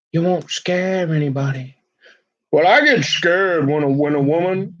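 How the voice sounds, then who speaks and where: A man from Minnesota in a rambling, folksy comic rant, who keeps dropping into a mock-deep voice. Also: a little slow, a bit bright, highs cut off. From Minnesota, USA. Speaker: vlogger.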